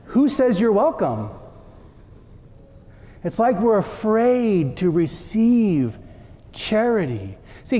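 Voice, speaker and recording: A male priest delivers a relaxed, conversational sermon in a church, his voice sitting high yet mellow in tone. He slips into playful little acted-out exchanges to make his point. The long reverb of the big hall trails behind every phrase. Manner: conversational, acting out little dialogues for the congregation.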